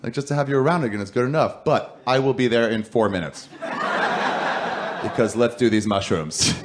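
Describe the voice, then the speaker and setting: A man's voice: mid-range voice, fairly quick, crowd noise. A man in his thirties telling a stand-up story on a club stage into a handheld mic, acting out both sides of phone calls in raised voices. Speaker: stand-up comedian.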